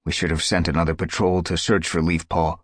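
A man's voice: low voice, level tone, brisk, no echo, clean studio sound. A man voicing a burdened male cat clan leader who speaks firmly with a growl in a storybook reading. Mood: stern. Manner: growling, firm.

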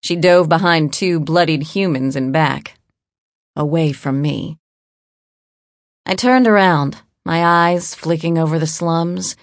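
A woman narrating an audiobook in a measured, cool first-person delivery. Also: sits low, dry recording, clean studio sound.

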